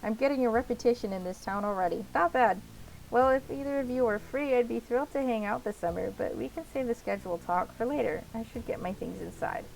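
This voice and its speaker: A woman's voice: fairly high pitch, fairly quick, vocal fry, a little mellow, a little hiss or hum, rough recording. A woman reading the lines of a confident, charming young man in a visual novel. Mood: pleased.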